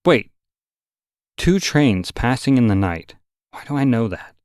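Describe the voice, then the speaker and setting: A man voicing a joking young male tech nerd, cheeky and excitable. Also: medium pitch, unhurried, clean tone, no room sound, clean studio sound, pitched above the performer's own voice.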